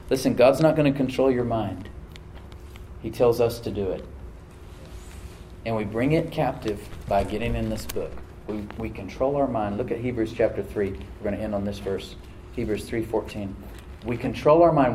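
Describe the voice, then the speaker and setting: The preacher here is a middle-aged man with a fairly low, warm voice and a moderate pace, exhorting his congregation and repeating key phrases for emphasis. Recorded in a church hall, the audio carries roomy echo and slight background noise.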